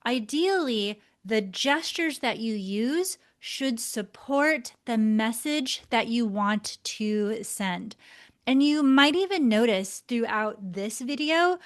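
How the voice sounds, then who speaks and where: A woman teaching a lesson to camera, expressive, shifting her tone and pace for emphasis as she gestures. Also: a little high. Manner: gestures deliberately while talking. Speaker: body language instructor.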